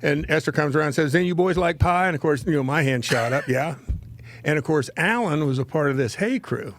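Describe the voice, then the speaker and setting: A man in his seventies who hosts a talk show spins a rambling, folksy story from his childhood and laughs at his own tales. His voice is a little high and fairly bright, he talks fast, and there's no echo.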